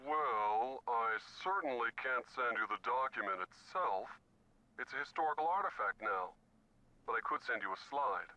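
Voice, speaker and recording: An actor playing a fussy, formal archivist in a game, speaking slowly and precisely. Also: male voice, mid-range voice, animated, sharp tone, rough recording. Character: fussy, formal middle-aged male archivist.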